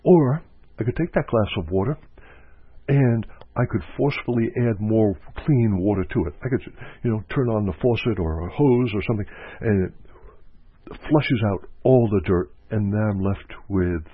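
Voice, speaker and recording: A man's voice: on the low side, lively intonation, moderate pace, slightly rough, no echo. A man giving a reflective spiritual teaching talk as a counselor, repeating phrases for emphasis. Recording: dry, phone-like narrow sound.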